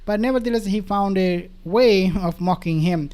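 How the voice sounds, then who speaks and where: Animated, mocking male commentator. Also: high voice, normal speed, clean tone. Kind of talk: political commentary.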